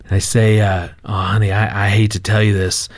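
A man with a fairly low voice tells a family story as a guest on a talk show. He is animated, quotes himself, and often breaks into laughter. The recording is dry and close. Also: a little fast, no room sound. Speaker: marriage ministry guest.

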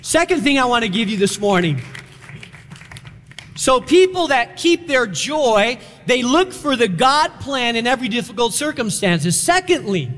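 A pastor delivers his sermon in a strikingly high voice, pressing his points with animated emphasis and acted-out quotations. His voice rings with long reverb, as in a large hall. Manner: emphatic, animated preaching with dramatized quotes.

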